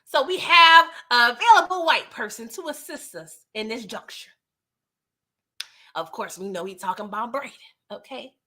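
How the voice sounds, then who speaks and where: A woman's voice: fairly high pitch, moderate pace, bright, forceful tone. A woman hosting a casual TV recap, chatting playfully with viewers and acting out characters' lines. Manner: chats with live viewers. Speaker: TV recap host. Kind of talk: casual recap and review chat.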